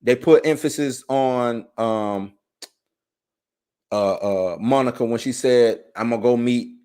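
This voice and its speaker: A young man hosting a live stream, chatting in a loose, animated way with plenty of conversational asides. His voice sits at an ordinary middle pitch. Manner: animated, conversational, frequent "you know what I'm saying". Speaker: live show host. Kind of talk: casual live-stream commentary.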